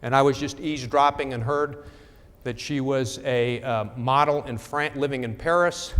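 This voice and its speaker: A man's voice: mid-range voice, steady tone, normal speed, fairly bright tone, long reverb tail. A middle-aged man presenting at a talk, telling a wry story in a conversational way with frequent check-ins to the audience.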